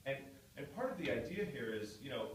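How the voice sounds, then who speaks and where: A man's voice: medium pitch, sing-song, a little fast, a little hiss or hum. Distant man teaching guitar in an echoey room. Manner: patient, explaining with repeated words. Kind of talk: one-on-one lesson.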